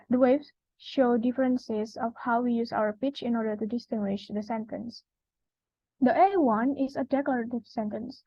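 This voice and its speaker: A woman's voice: fairly high pitch, dry recording. A young woman with an Indonesian accent giving a class presentation, explaining step by step with frequent fillers. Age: young adult. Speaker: student presenter. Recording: dry, dull lo-fi recording.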